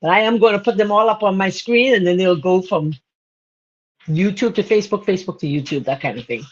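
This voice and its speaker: A woman's voice: medium pitch, fairly quick. Bahamian woman, home cook host, casual and chatty, muffled livestream audio. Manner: chatty, laughs often, greets viewers by name. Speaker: cooking show host. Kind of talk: casual live cooking demo.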